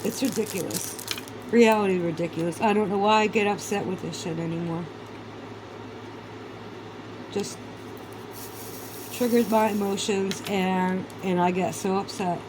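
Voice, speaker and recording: A woman in the middle of a vlog rant, heated and profane, scoffing with sarcasm and disbelief. Her voice sits at an ordinary middle pitch, with a faint hum of room ambience behind her. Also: fairly even intonation, a little slow, long pauses. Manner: sarcastic, incredulous. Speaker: vlogger. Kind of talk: casual ranting monologue.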